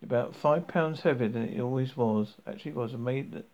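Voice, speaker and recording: A man's voice: mid-range voice, normal speed. A man reading a novel aloud, stumbling and restarting words as he goes. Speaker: reader. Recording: dull lo-fi recording.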